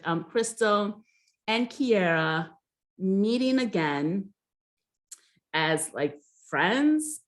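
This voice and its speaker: A young woman casually recapping a reality show episode, chatty and hesitant, with frequent ums and restarts. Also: low-pitched. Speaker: recap host.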